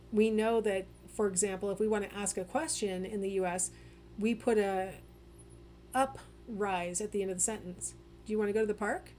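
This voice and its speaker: A woman's voice: medium pitch, a little mellow, slight background noise. A woman giving a casual recorded psychology lecture, chatty and full of fillers and restarts.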